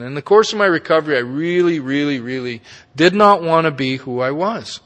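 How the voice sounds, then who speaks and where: Middle-aged man, pitched a bit high, frank and salty recovery talk, recorded in an echoing hall. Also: animated, a little fast, fairly bright tone. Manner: candid, profane, folksy with tag questions. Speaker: speaker at a recovery meeting. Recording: long reverb of a meeting hall.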